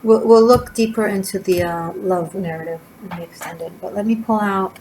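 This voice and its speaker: Speaking at medium pitch and a moderate pace, a woman rambles through a casual tarot reading, wandering off topic and filling pauses as she chats. She's indoors near a street, where faint sirens and motorcycle noise drift in.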